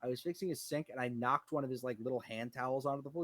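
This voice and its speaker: A man's voice: mid-range voice, rapid-fire, few pauses, a bit bright, dry recording. An American man chatting casually, swearing freely as he rants through stories about his old job. His voice sits mid-range and sounds close and dry, with no room around it. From United States. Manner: profane, ranting storyteller. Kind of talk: casual chat.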